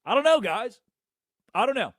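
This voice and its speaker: A man hosting a solo sports talk show, ranting sarcastically and swinging between loud outbursts and low mutters. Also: sing-song, moderate pace, no room sound, studio quality. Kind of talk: solo sports radio rant.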